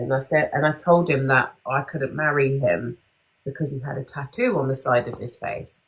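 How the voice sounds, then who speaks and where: A low-pitched British woman co-hosts a casual livestream chat. She is wry and laid-back, dropping the odd swear word as she reacts to stories. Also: fairly quick. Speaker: podcast co-host.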